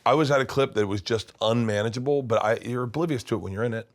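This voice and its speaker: A comedian in his fifties telling stories in a rambling, animated way, full of restarts. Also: mid-range voice, fast. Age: 50s. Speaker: comedian guest. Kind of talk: casual storytelling. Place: his studio.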